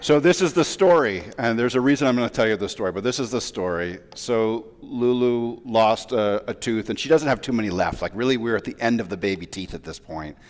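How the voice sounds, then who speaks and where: A man in his forties, a rabbi, giving a sermon as a relaxed, self-deprecating story full of asides. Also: mid-range voice, a little fast, few pauses. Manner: chatty, self-deprecating, with many fillers and asides. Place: large synagogue sanctuary. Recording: long reverb of a large hall.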